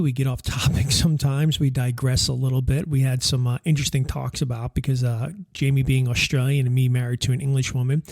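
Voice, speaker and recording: An American man hosting a podcast interview, chatty and quick to laugh, who tends to wander off topic. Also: medium pitch, darkish tone, no echo, clean studio sound. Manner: chatty, laughs easily, digresses. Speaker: podcast host. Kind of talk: casual interview.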